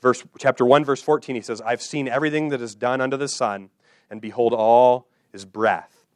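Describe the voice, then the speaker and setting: A male pastor preaching a sermon, speaking directly to his listeners with questions and slowing down to repeat key phrases with emphasis. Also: medium pitch, steady tone, dry recording, studio quality. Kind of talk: expository sermon.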